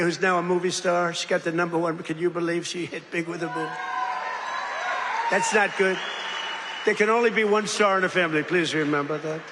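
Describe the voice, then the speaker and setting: Older guy rambling thru a rally speech, kinda high voice, echoey big hall, faint crowd hum. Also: fairly bright tone. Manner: digressive, boastful, mocking asides. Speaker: politician giving a speech. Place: large industrial hall.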